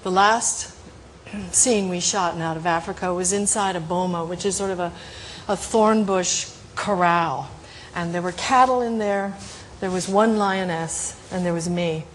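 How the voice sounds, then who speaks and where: A middle-aged woman as a talk show guest, telling a lively anecdote with frequent laughs. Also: on the low side, a little slow, a little hiss or hum, poor audio. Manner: animated, laughing storyteller.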